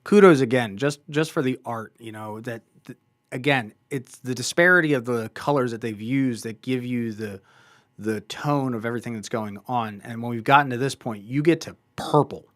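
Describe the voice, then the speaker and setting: A man co-hosting a comic book review podcast, talking in an animated, enthusiastic, casual way. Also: mid-range voice, normal speed, no echo, studio quality.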